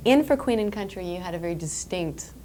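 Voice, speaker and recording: A woman with a fairly low voice asks an actor questions in a friendly, conversational way. She keeps him going with short affirmations. A faint hiss runs under the archival tape. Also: lively intonation, a little fast, dark tone. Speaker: interviewer. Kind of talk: casual interview questions.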